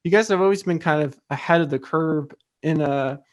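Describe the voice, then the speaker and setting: A man's voice: on the high side, normal speed. A young man interviewing a guest over a video call, talking loosely with lots of "like" fillers. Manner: loose, filler-heavy, says "like" a lot.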